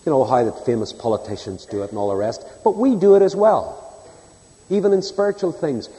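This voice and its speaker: A man preaching a sermon, telling stories earnestly, swinging between loud emphasis and a soft hush. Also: medium pitch, lively intonation, fairly quick. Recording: long hall reverb.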